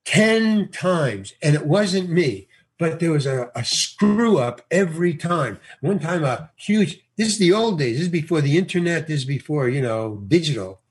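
Husky man telling a lively story. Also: on the high side, moderate pace. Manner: animated storyteller, acts out dialogue, laughs often. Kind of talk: casual anecdote.

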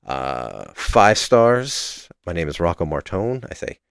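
A man giving a casual, animated recap of a wrestling match as a podcast contributor, swearing freely and swinging between loud and quiet. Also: sits low, takes it slowly, creaky, background noise.

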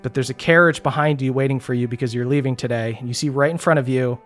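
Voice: mid-range voice, steady tone, quick pace, soft background music. A game master narrating a tabletop game casually, with fillers and the odd swear.

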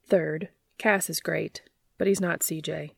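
A woman voicing a gruff, exasperated young man who talks bluntly and swears, in a storybook reading. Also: low-pitched, steady tone, a little slow, no room sound, studio quality, heavily acted. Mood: earnest.

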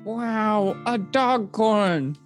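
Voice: mid-range voice, very slow, faint music behind. A player in a tabletop game, asking lots of curious questions in a casual way.

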